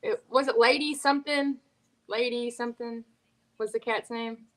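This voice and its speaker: A woman's voice: fairly high pitch, steady tone, normal speed, a bit bright. A woman co-hosting a live stream, chatting casually and reading out viewers' questions. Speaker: co-host. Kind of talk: casual chat.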